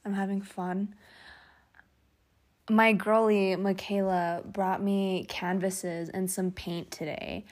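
A young woman hosting a loose solo podcast from her bedroom at night, chatty and rambling with lots of fillers, relaxed and drowsy as she lies down. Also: mid-range voice, slow. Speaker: podcast host. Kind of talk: unstructured solo podcast chat.

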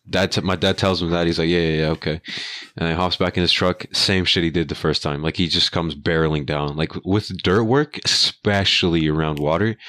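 A young man with a low voice casually retells a story from work, packed with slang and swearing, and animatedly acts out what people said in quoted voices. There's no room sound.

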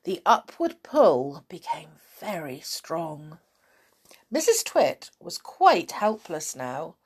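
A woman narrating a children's story aloud in an expressive, dramatic storytelling manner. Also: low-pitched, slow, breathy edge.

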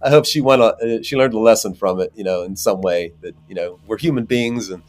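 A man being interviewed as an actor, telling rambling, animated anecdotes with many fillers. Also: on the low side, brisk. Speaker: actor guest. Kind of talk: casual interview storytelling.

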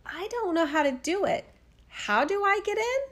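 A woman's voice: extremely high pitch, lively intonation, normal speed, fairly bright tone, pitched above the performer's own voice. A woman reading a fairy tale aloud, voicing a clever young girl in a raised, pleading voice. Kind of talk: storybook reading.

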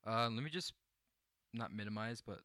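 Podcast co-host, man, low-ish bright voice, rambling and laughing, dry close sound. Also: brisk, no echo. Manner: laughs often, rambling with restarts. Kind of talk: casual chat.

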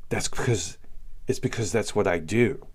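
A man's voice: lowish voice, normal speed, slightly rough. A man voicing a sly scorpion from a fable, coaxing and reassuring in a lightly raised voice.

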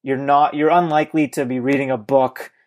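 A man hosting a podcast who asks thoughtful questions, pausing often to gather his words. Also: medium pitch, steady tone. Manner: thoughtful, hesitant with fillers. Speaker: podcast host. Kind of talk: interview questions.

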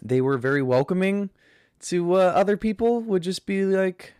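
A man's voice: high-pitched, animated, moderate pace, a little mellow, clear, resonant tone, dry recording, clean studio sound. A man from Florida hosting a solo podcast, laid back, rambling and crude in his chat. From Pensacola, Florida. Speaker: podcast host.

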